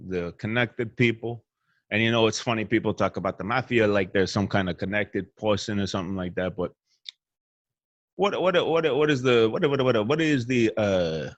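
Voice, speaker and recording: A man's voice: medium pitch, fairly bright tone, no room sound. A man with a Northeastern Pennsylvania accent, rambling through a profane comedic monologue in a hotel room. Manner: profane, meandering, restarts. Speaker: show host.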